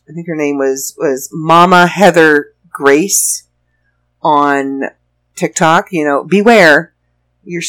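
A woman, an author and show host who lives in Florida, telling stories in a chatty, wry and sarcastic way and laughing often. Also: low voice. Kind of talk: casual storytelling monologue.

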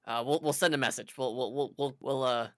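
A man's voice: medium pitch, steady tone, a little fast, no room sound, studio quality. A man playing a tabletop game, chatting casually and arguing a plan. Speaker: player.

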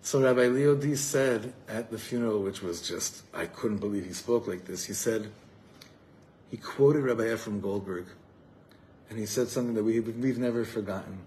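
Earnest rabbi addressing a gathering. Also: male voice, lowish voice, normal speed, darkish tone, slight background noise, rough recording. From Los Angeles, USA. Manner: earnest and heartfelt, repeats words while searching for them, weaves in Hebrew terms. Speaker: rabbi giving a talk. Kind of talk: live inspirational talk to a gathering. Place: evening gathering before a live audience.

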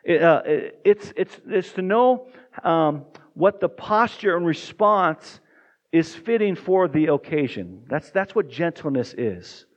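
A man's voice: on the high side, lively intonation, takes it slowly. A male pastor preaching a sermon in a conversational way and often asking the congregation questions. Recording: dull lo-fi recording.

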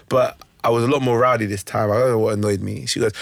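A young man, a comedian guest on a podcast, telling animated stories and laughing often. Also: medium pitch, racing, gravelly. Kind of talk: casual podcast chat.

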